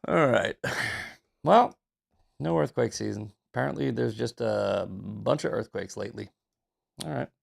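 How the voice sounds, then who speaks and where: A man's voice: lowish voice, unhurried, creaky, long pauses. A man hosting a casual news commentary show, reading headlines with sarcastic, profane asides, just out of bed. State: just woke up. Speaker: host.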